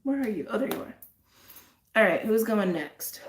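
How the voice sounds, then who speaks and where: A woman giving an intuitive tarot and astrology reading in a casual, effusive way, repeating phrases and trailing off into soft asides. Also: mid-range voice, expressive, moderate pace, echoey room.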